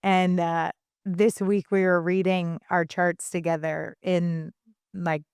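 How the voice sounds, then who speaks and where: Chatty woman with a smooth clear voice. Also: lowish voice, slow, no room sound, clean studio sound. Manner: chatty, animated storyteller with many restarts and fillers. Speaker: podcast co-host. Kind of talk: casual podcast chat.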